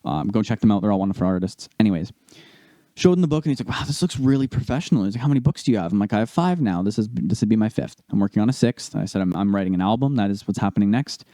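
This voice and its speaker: Man telling a story, mellow dry voice. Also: on the low side, very fast, dry recording. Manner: animated storytelling, acts out quoted people. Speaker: podcast co-host. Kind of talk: casual podcast chat.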